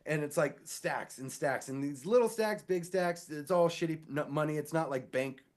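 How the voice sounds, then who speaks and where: A man's voice: on the high side, moderate pace. A man co-hosting a podcast, telling a work story in casual chat and acting out the people he quotes. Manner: animated, acts out quoted voices. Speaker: podcast co-host; sewer inspector.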